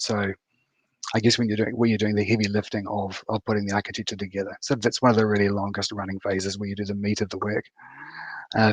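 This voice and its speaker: A man's voice: on the low side, no room sound. A man in his fifties giving a conference talk over a video call, casual and full of fillers and restarts. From New Zealand. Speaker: conference speaker.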